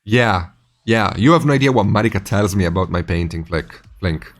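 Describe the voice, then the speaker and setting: A man in his forties hosting a casual live stream, animated and teasing, laughing often. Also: low-pitched, brisk. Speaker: streaming host.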